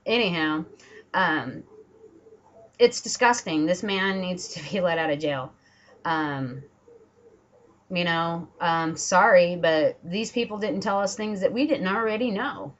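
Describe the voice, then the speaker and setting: A woman's voice: lowish voice, unhurried, fairly bright tone, lo-fi sound, a little hiss or hum. A woman from Washington State delivering an angry, profane political rant at home, with sarcastic mock quotes. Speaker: political vlogger. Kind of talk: angry ranting monologue. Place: home, dogs barking nearby.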